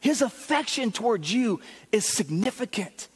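Man, pastor, earnest encouraging sermon, high voice, long church reverb. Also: big pitch swings, moderate pace, breathy edge. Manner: earnest, encouraging preaching with repeated phrases. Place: church sanctuary.

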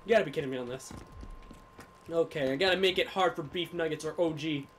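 A man giving live gameplay commentary as a gaming YouTuber, swinging from low muttering to sudden yelling. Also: quick pace, slight background noise.

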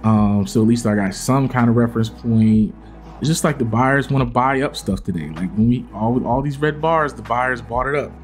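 A man's voice: mid-range voice, normal speed. A man giving a casual, self-mocking recap of his day's trades, acting out his own inner dialogue. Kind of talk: casual screen-share trading recap.

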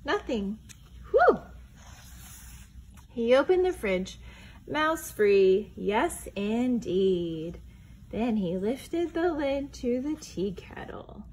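A woman reading a picture book aloud for small children, pausing now and then to ask them questions. She takes it slowly, her fairly high voice rising and falling in a lively, expressive way. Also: husky. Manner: expressive, asks the young listeners questions. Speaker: children's storytime reader.

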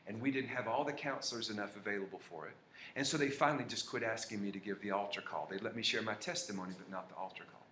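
A man's voice: lowish voice, quick pace, sharp tone, roomy sound, slight background noise. A man preaching a sermon with passion, telling personal stories to his congregation during a church service. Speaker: pastor.

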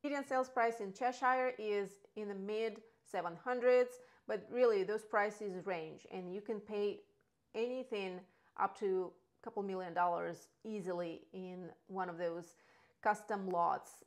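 A woman's voice: mid-range voice, a little slow. A woman, not a native English speaker, talking as a real estate agent in a casual, enthusiastic video about local neighborhoods, with asides and restarts.

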